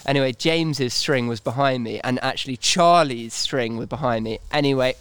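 A man, a racehorse trainer, telling a lively anecdote in casual chat with stammering restarts. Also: mid-range voice, normal speed, clear, resonant tone, no echo. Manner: animated storyteller, stammering restarts, laughing through anecdotes. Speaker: racehorse trainer and podcast co-host.

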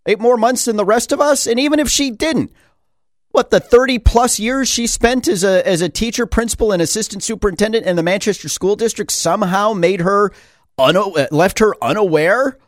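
A school board member and commentator with a high-sitting voice delivers a sarcastic opinion monologue packed with rhetorical questions. He speaks fairly quickly, and the audio is clean studio sound with no room tone.

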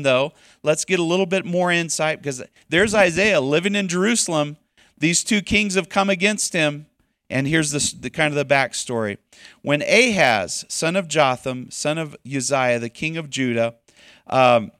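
A man preaching a sermon as pastor, emphatic, swinging between loud urging and quiet softness. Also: a little high, dry recording, studio quality.

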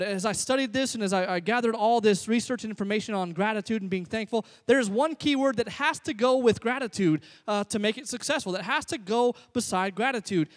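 A man preaching a sermon as a pastor, energetic and building to near shouts. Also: high-pitched. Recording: long hall reverb.

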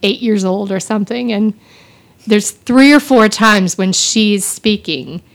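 Woman, casual chat, chatty, frequent restarts, mid-pitched everyday voice. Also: a little slow. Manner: chatty, restarts often, amused storyteller.

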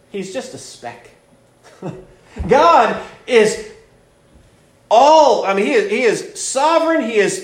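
A man preaching a sermon that teaches through a Bible passage, earnest, repeating words and leaning on fillers as he explains. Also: high voice. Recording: roomy echo.

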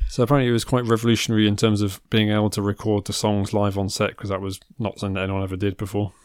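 A man's voice: on the low side, little pitch movement, racing, a little mellow, clean tone, no room sound. A man co-hosting a film podcast, talking with dry humour and lots of hesitant restarts. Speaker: podcast co-host. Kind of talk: casual film podcast chat.

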